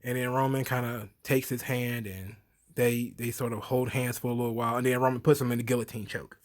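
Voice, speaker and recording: A man recapping a wrestling event in a casual monologue, acting out quotes and laughing often. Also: brisk. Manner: animated storyteller, acts out quotes in high voices; frequent fillers, laughs often. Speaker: wrestling reviewer.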